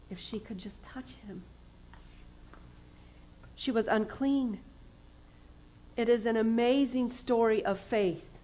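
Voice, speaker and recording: A middle-aged woman, a recovery house director, giving a church sermon in an earnest voice that often drops to a soft whisper. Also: mid-range voice, low-quality recording.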